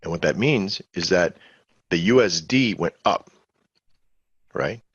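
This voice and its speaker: A man's voice: low voice, takes it slowly, breathy edge, dry recording, lo-fi sound. A man hosting a live trading webinar, talking in a rambling, conversational way and quizzing his audience. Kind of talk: casual live webinar teaching.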